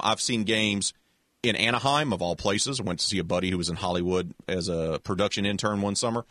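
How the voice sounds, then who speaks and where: A man telling a long childhood story in a relaxed, casual chat, full of restarts and little voices for other people. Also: on the low side, no room sound, clean studio sound. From American South. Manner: animated storyteller with many restarts, acts out voices.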